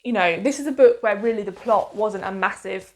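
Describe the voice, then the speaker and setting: A woman with a Suffolk accent chats about a novel she loved, stopping and restarting her sentences as her enthusiasm runs ahead of her. Her voice sits at an ordinary middle pitch, and she talks casually straight to camera. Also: brisk. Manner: chatty, enthusiastic, hedging with frequent fillers and restarts. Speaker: book reviewer. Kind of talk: casual book review to camera.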